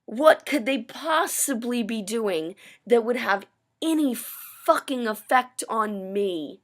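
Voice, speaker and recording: Woman vlogger, fairly high-pitched, profane and cuttingly sarcastic personal rant. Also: expressive, slow, fairly bright tone.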